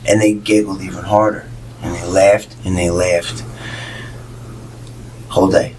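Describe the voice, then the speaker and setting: A man's voice: low-pitched, little pitch movement, unhurried, long pauses, a little mellow, a little hiss or hum, rough recording. A man guest on a podcast, telling a funny story and acting out the voices, laughing through his punchlines. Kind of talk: animated comic storytelling.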